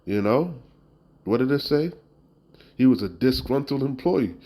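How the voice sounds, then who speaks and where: A man's voice: medium pitch, lively intonation, measured pace, dark tone, poor audio. A man preaching, reading Bible verses aloud and then explaining them in blunt, emphatic talk full of "you know?" asides. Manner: blunt and emphatic, occasional profanity. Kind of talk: street-style scripture teaching.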